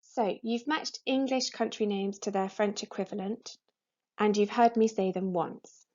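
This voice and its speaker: A woman teacher leading a repeat-after-me French pronunciation drill in a recorded lesson, saying each word with a pause after it. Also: mid-range voice, fairly even intonation, a little mellow, dull audio. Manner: measured, repeat-after-me delivery.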